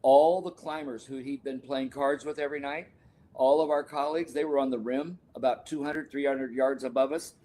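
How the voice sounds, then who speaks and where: Speaking at normal speed in a mellow, medium-pitched voice with steady intonation, an older male guest recounts something personal on a podcast. He's a sports scientist and author, and he comes across as earnest and emotional, sometimes stopping to correct himself.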